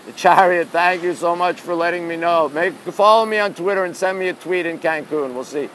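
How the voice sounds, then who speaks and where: His voice is high, brisk and fairly bright as he talks casually into a hand-held phone, reading out viewers' comments. He's a New York-accented man live-streaming outdoors at night in the rain, with faint street noise in the background.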